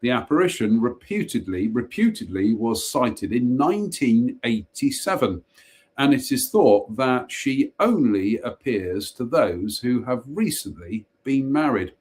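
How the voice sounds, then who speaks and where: A man's voice: mid-range voice, very animated, a little slow, a little mellow. A man hosting a live stream, casually reading short ghost stories aloud with wry jokey asides, stumbling and restarting on names.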